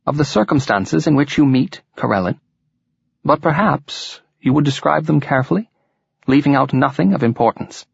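A man voicing an elderly, thick-set resistance leader with a musical, softly lilting Welsh accent. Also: medium pitch, lively intonation, normal speed, creaky, breathy edge, no echo, voice pushed up. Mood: calm, persuasive. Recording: dull lo-fi recording.

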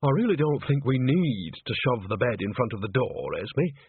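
A man's voice: mid-range voice, very animated, moderate pace, husky, no room sound, full character voice. A man voicing a cheerful, bawdy old female witch who talks in a chirpy, cheeky way. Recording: dry, tinny phone-like sound.

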